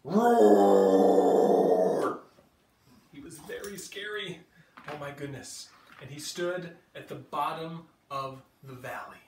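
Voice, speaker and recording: A male children's librarian reading a storybook aloud to kids from home, playful and animated. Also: on the high side, unhurried, roomy sound, recorded from a distance, background noise.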